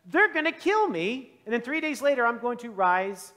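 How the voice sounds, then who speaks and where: A man acting out a calm, stern male spiritual teacher who speaks earnestly and emphatically. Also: very high-pitched, moderate pace, in a large hall, pitched above the performer's own voice, heavily acted.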